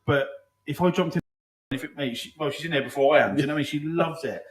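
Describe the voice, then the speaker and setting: A man hosting a casual podcast chat, rambling and swearing freely, calling his guest "mate". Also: fairly high pitch. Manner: rapid, rambling, heavy swearing, lots of "mate". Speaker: podcast host.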